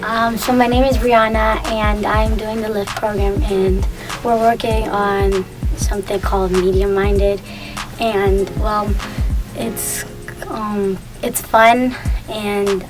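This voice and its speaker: A woman student speaking hesitantly with fillers and pauses. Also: medium pitch, little pitch movement, over music. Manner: hesitant, halting.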